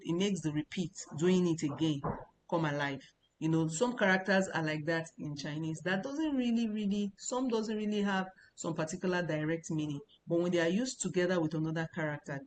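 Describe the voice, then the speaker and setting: A woman's voice: fairly low pitch, darkish tone, a little hiss or hum. Woman teaching a patient language lesson. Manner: patient, repetitive explaining with fillers. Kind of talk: explaining Chinese lesson.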